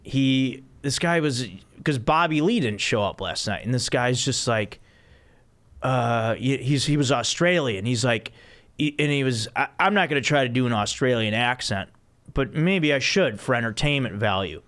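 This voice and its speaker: Host, male, clear smooth voice, rambling anecdotes, casual podcast chat. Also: mid-range voice, animated, normal speed, fairly bright tone. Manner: rambling storyteller with many restarts and laughs.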